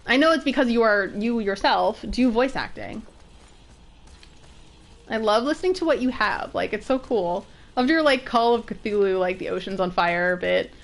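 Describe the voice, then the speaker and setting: A woman with an alto voice, chatting excitably and giggling as she streams herself playing a video game. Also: fairly high pitch, moderate pace. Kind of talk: casual let's-play commentary. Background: game music.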